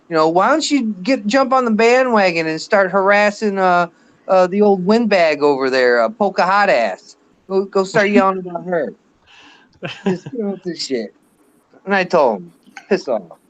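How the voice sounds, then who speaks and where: A man in his late thirties ranting bluntly and swearing in a casual live chat. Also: high-pitched. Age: late 30s. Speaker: guest on a live show.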